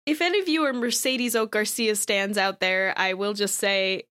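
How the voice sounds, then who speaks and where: A woman hosting a podcast in casual group chat, excitable, laughing often and swearing casually. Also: medium pitch, moderate pace. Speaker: podcast host.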